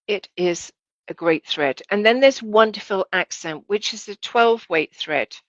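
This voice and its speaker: A woman's voice: mid-range voice, no room sound, highs cut off. A woman giving a casual, chatty demonstration lesson as a sewing instructor, correcting herself and asking viewers to look.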